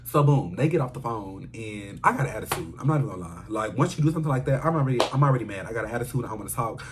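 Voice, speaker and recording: A man telling a personal story in a casual storytime vlog, animated and dramatic, with slangy asides to his viewers. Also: mid-range voice, racing, noisy background.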